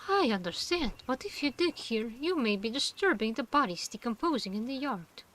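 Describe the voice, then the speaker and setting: Woman reading as a calm, evasive priest. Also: fairly high pitch, moderate pace, a little hiss or hum. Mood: placating.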